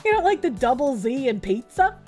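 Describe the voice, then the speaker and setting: A woman's voice: high-pitched, sing-song, brisk, a little mellow, soft background music. A woman streamer chatting casually with her viewers, swearing freely and often breaking into squealing laughter. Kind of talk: casual chat reading viewer comments.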